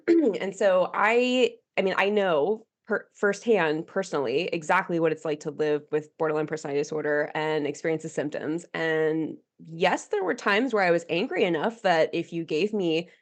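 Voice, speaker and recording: Candid woman therapist, lowish voice. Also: lively intonation, normal speed. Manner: candid, many fillers like um and you know. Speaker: therapist guest. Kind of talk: casual chat.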